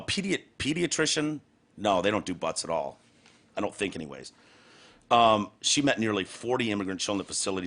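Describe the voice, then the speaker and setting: A man hosting a podcast, talking in casual, sarcastic, profane, animated chat. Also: on the low side. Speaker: podcast host.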